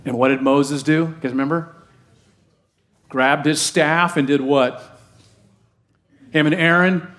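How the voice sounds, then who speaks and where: Middle-aged male pastor, slightly high voice, chatty sermon that keeps asking the congregation questions. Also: steady tone, slow pace, long pauses, a bit bright. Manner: conversational preaching with questions to the congregation.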